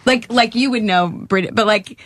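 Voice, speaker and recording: A woman guest-hosting a casual chat show, playful and quick to laugh. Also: fairly high pitch, a bit bright. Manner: playful, laughs often, tries silly accents. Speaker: guest host.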